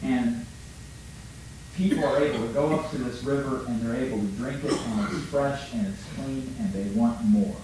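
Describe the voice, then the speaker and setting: A male pastor preaching a sermon emphatically, asking his congregation questions and swinging between loud and soft delivery. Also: medium pitch, normal speed, heavy reverb, slight background noise, rough recording.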